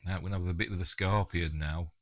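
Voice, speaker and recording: A man's voice: deep voice, fairly even intonation, fast, no room sound. A man with a Yorkshire accent giving a chatty, jokey audio commentary on a film and talking back to the characters on screen. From England.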